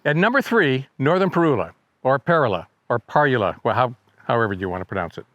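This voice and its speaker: A man's voice: medium pitch, big pitch swings, quick pace, a bit bright, muffled recording, slight background noise. A man hosting a casual birding video, talking in a chatty, wry way and mimicking bird songs with his voice. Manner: chatty and wry, imitates birdsong by voice. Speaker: birding guide and video host. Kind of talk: casual educational video narration.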